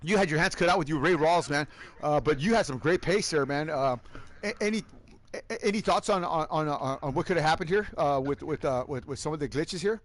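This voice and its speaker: A man commentating a sim-racing league live and interviewing drivers afterward, excitable and whooping, calling everyone "man" and "baby". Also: on the high side, fairly quick. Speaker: race commentator and league host.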